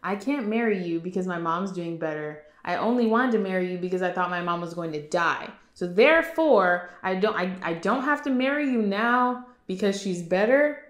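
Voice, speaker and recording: A young woman giving a casual movie recap, chatty and giggly, jumping into quick impressions of the characters. Her voice is mid-pitched, and the recording picks up an echoey room around her. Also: expressive. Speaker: film vlogger.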